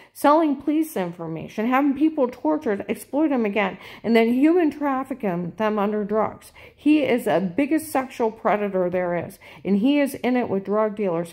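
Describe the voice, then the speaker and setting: A woman in a casual monologue, insistent and repetitive, turning loud and emphatic. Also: mid-range voice. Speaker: vlogger.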